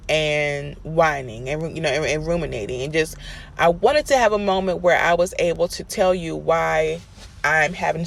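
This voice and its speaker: A man's voice: a little high, gravelly, fairly bright tone. A man mockingly speaking as a whiny, self-pitying woman who explains herself. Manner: mocking, whining.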